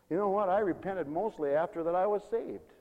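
A man preaching a sermon as pastor, swinging between quiet asides and loud, high exclamations, often laughing between points. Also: long reverb tail.

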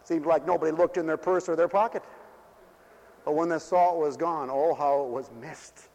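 Folksy high-voiced preacher in a hall. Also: male voice, fairly quick, darkish tone. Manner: folksy and joking, rising to fervent hallelujahs. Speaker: pastor. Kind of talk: sermon. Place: mission church hall.

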